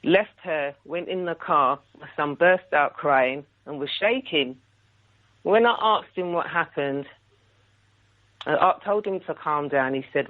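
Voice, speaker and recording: A woman's voice: low-pitched, moderate pace. A woman phones in to a radio talk show and tells her story with indignant energy. She acts out the other voices as she goes. The sound is thin and tinny, like a telephone line. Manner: indignant, animated retelling with quoted dialogue. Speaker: radio caller. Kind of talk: call-in story telling.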